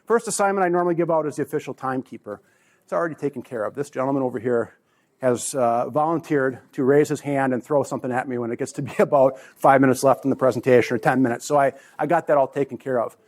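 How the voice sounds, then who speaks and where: A man's voice: medium pitch, fast talker, darkish tone. Chatty man presenting at a conference. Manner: chatty, joking, with restarts. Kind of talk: casual talk to a live audience. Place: conference room.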